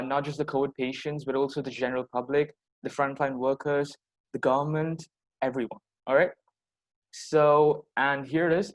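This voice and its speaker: Student pitching with "all right?" checks. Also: male voice, low-quality recording. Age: teens. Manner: persuasive, leans on "all right?". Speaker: student presenter. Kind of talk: pitch presentation. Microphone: video call.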